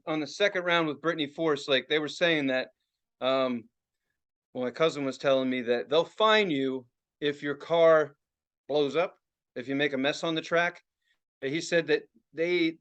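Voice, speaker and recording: A man co-hosting a podcast, telling a story in casual, excitable, profane chat. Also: on the high side, muffled recording. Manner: profane, excitable, acts out other people's reactions. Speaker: podcast co-host.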